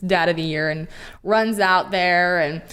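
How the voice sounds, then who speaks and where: Young woman, podcast co-host, casual animated recap chat, acts out lines. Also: fairly low pitch, a little slow, smooth.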